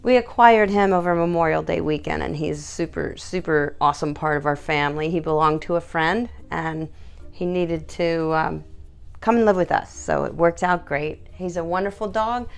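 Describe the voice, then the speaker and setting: Gravelly-voiced woman coaxing a nervous dog. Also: normal speed. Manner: soothing, coaxing, talks to the dog in a high sing-song. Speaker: dog groomer. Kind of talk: casual how-to video.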